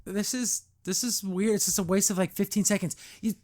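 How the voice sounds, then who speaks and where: High-voiced exasperated male podcast host. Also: steady tone, a little fast, a little mellow. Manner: exasperated and sarcastic, frequent "like" fillers. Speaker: podcast host reviewing a cartoon. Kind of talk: casual review commentary.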